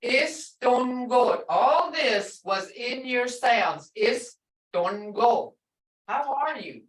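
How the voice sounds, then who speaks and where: Slow lady teacher repeating sounds over and over, echoey room, kinda far off mic. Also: on the high side, very animated, fairly bright tone. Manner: slow, repetitive syllable drills with emphatic explanations. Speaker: language instructor. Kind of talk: drilling pronunciation sounds for a class.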